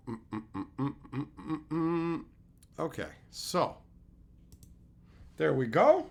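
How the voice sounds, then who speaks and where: Cracking crude jokes as he rips open card packs, a streamer talks casually with his audience. His voice runs on the high side and has a sharp tone.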